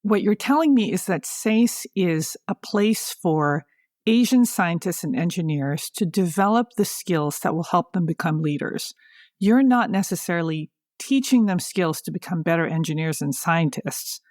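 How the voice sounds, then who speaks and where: A woman hosting a podcast asks her guest measured questions and sums up what he has said. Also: fairly low pitch, animated, a little mellow, dry recording, clean studio sound. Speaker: podcast host. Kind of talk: interview questions.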